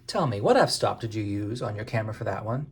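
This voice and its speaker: A man's voice: on the low side, animated, fairly quick, husky, full character voice. A man reading aloud as a haughty, elegant woman customer, putting on an affected voice.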